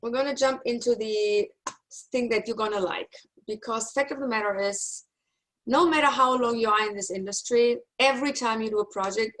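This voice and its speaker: A woman's voice: mid-range voice, rough recording. A middle-aged woman with a German accent, who grew up in Germany, giving an online university lecture in a chatty, reassuring, self-deprecating way over a video call. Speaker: university instructor. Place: home office on a video call.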